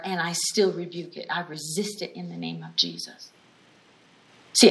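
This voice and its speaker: Woman teaching a lively sermon. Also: on the low side. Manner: animated storytelling with repeated emphatic phrases; frequent restarts and brief laughs. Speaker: healing school teacher.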